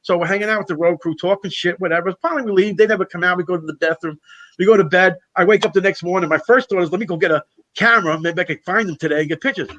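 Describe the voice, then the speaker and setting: A man, a guest drummer, telling road stories in casual chat, animated, acting out what people said and laughing often. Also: sits high, racing, dull audio. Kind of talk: casual storytelling.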